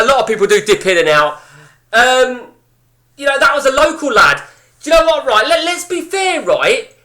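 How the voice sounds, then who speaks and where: A man's voice: high voice, sharp tone. A man chatting casually to his stream viewers at home, rambling, blunt and swearing a lot. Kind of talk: casual live-stream banter. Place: indoors at home.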